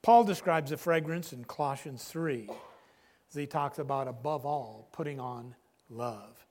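A man preaching a sermon, earnest, pausing often and dropping low on key phrases. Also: a little mellow, long reverb tail, a little hiss or hum.

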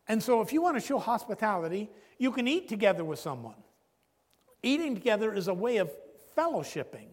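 A man preaching a sermon, earnest, pausing often and dropping low on key phrases. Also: in a large hall.

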